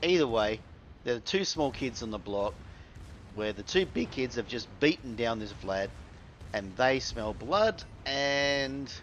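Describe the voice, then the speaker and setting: A man's voice: medium pitch, lively intonation, unhurried, a bit bright, slight background noise. An Australian man giving casual, wry commentary over his own gameplay, full of crude slang.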